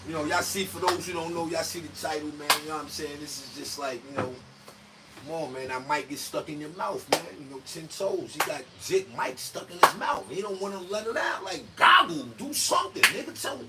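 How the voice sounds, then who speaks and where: A man's voice: on the high side, fairly even intonation, brisk. A man hosting a casual livestream, rambling in loose slang and acting out quoted asides. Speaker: livestream host. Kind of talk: casual stream commentary. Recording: distant mic with faint room noise.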